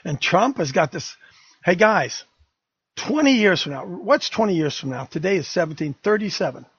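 Older guy hosting talk radio, high raspy gravelly voice, heated and rambly, dry close sound. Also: lively intonation, normal speed, a bit bright, dry recording, highs cut off. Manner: fiery, emphatic, rambling.

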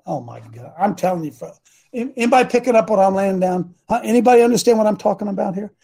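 A man's voice: sits high, animated, fast, vocal fry, dark tone, breathy edge. A man preaching informally to a congregation, blunt and combative, mocking his critics and throwing asides to the room.

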